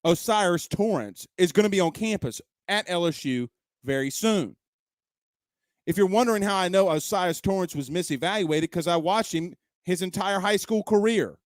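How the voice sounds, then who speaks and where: A man's voice: high-pitched, dry recording, clean studio sound. A man hosting a sports talk show, giving emphatic opinions and firing off rhetorical questions from home. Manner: emphatic, repeats points, fires off rhetorical questions.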